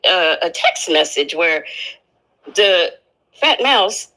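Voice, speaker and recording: A woman's voice: on the low side, lively intonation, slow, pushed and bright, low-quality recording. A woman hosting a livestream, with a voice that sounds old, bossily directing her co-host. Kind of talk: casual livestream talk.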